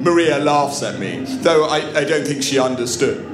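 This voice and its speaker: A man's voice: fairly high pitch, lively intonation, moderate pace, few pauses, over music. A man telling a comic story at a live show, theatrical and wry, turning to the audience for asides. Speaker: comedian storyteller. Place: live comedy venue. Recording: echoey room at a live show.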